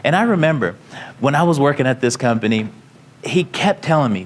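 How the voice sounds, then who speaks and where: A man's voice: medium pitch, animated, a little fast. A company founder telling his career story to students, casual and rambling, full of "you know" fillers and restarts.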